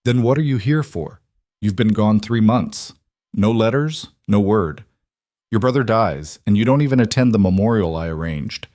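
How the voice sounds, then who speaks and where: A man's voice: lowish voice, lively intonation, moderate pace, darkish tone, no echo, close to an everyday voice. A man voicing a cold, calculating aristocratic father who speaks in a dry, cutting way. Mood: cold, disdainful.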